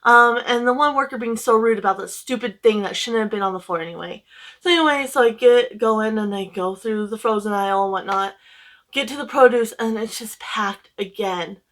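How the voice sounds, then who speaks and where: A woman's voice: a little high, fairly quick, a bit bright. A young woman casually telling a long, emotional story to her camera at home, rambling with many fillers. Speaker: book vlogger.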